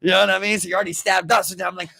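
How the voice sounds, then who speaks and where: A man with a Baltimore accent co-hosting a podcast, telling animated stories and acting out shouts. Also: sits high, rapid-fire, creaky, no room sound. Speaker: podcast co-host. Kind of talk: casual chat.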